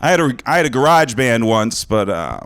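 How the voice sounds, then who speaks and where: A man's voice: medium pitch, big pitch swings, brisk, fairly bright tone, clean tone, dry recording. Crude rambling stand-up comic man. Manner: crude, rambling, laughing at his own jokes. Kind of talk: stand-up comedy set. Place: small cable access studio stage.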